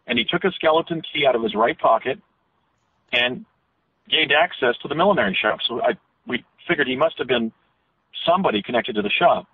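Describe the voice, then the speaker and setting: A man's voice: mid-range voice, big pitch swings, brisk, gravelly, slightly rough, no echo. A man being interviewed by phone, telling a detailed story with frequent restarts and self-corrections. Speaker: interview guest. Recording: tinny phone line.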